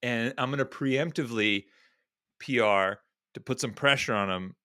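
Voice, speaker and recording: This is a man in his late thirties chatting casually as a podcast co-host. He rambles, stops to correct himself, and tells an anecdote in a loose way. His voice is recorded dry and close, at an average pitch. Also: moderate pace, bright, forceful tone, smooth, no echo. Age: 30s. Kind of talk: casual chat.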